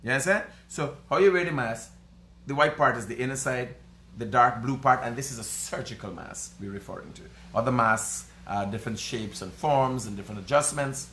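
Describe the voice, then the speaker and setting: A man with a Guyanese accent hosting a live show, doing casual commentary in lively, joking Creole banter. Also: mid-range voice, a little fast, roomy sound, a little hiss or hum.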